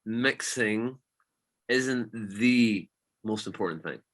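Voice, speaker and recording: A man, a DJ guest telling stories in a casual, animated chat and swearing freely. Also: on the low side, takes it slowly.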